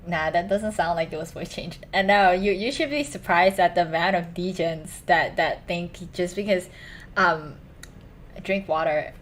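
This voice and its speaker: A young woman streamer chatting casually with a hoarse, strained voice, stumbling over restarts and fillers. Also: on the low side, a little hiss or hum. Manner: halting, many restarts and ums, self-conscious.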